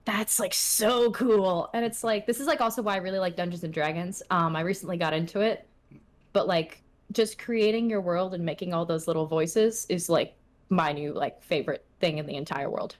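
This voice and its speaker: A woman's voice: lowish voice, a little fast. A young adult woman chatting casually as an interview guest, full of filler words and self-deprecating asides. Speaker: guest, streamer.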